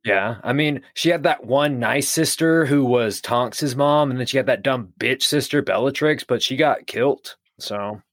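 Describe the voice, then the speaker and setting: A man's voice: medium pitch, normal speed, hardly any pauses, fairly bright tone, dry recording, clean studio sound. A young man, co-hosting a casual podcast chat, opinionated and rambling, swearing now and then. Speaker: podcast co-host.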